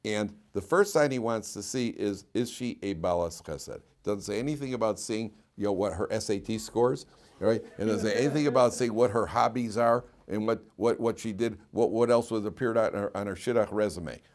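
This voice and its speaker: A man, a rabbi teaching a lively class and telling stories, laughing often and repeating himself. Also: on the low side, moderate pace.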